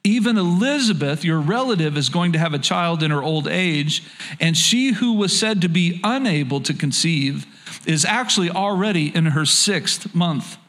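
A man's voice: fairly high pitch, expressive, normal speed, a bit bright. A man preaching a sermon as pastor, earnest and conversational, often repeating words as he reads and explains scripture.

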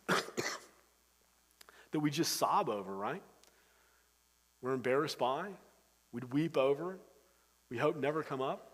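A man preaching a sermon, moving between loud emphatic stretches and hushed, intense passages. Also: a little high. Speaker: pastor. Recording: long hall reverb.

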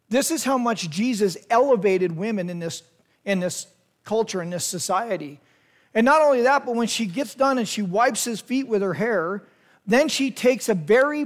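Youth pastor guy, pretty high voice, telling the story like he's right there, talking right at the kids. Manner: vivid retelling, speaks straight to listeners. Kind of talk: storytelling sermon to a youth group.

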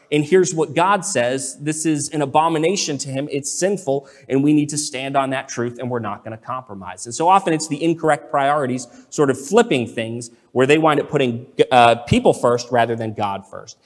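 A man's voice: mid-range voice, long reverb tail. A man preaching a sermon as pastor, earnest, often asking "right?" and reading scripture aloud.

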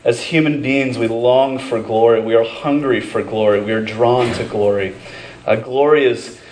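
A man's voice: medium pitch, steady tone, normal speed, a little mellow, reverberant, low-quality recording. A man preaching a sermon as pastor, telling personal stories in a conversational way with many fillers and restarts. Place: church sanctuary.

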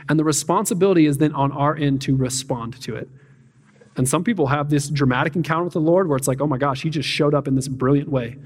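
A man's voice: a little high, breathy edge. A man preaching a casual, conversational sermon as a pastor, full of "like" and "man" asides, and slipping into voices for the people he quotes. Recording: long hall reverb.

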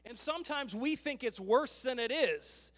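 Emphatic slow-spoken male preacher. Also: extremely high pitch, lively intonation. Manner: emphatic, swinging from loud to hushed. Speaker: pastor. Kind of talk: sermon. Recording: long hall reverb.

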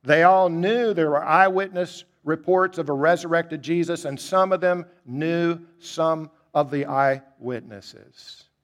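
A man preaching a sermon, emphatic and asking rhetorical questions, climbing high on key points and dropping low and quiet to reflect. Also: slow pace, few pauses.

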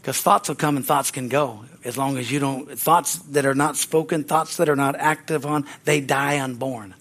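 A man's voice: mid-range voice, steady tone, moderate pace, fairly bright tone. An older man preaching a sermon as pastor, in a folksy, conversational way with frequent chuckles, speaking in a church. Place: church sanctuary.

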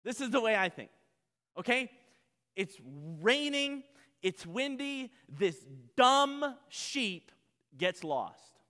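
Bright, high-voiced preacher in a hall. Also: male voice, takes it slowly. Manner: animated, conversational and jokey preaching. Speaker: pastor. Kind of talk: sermon.

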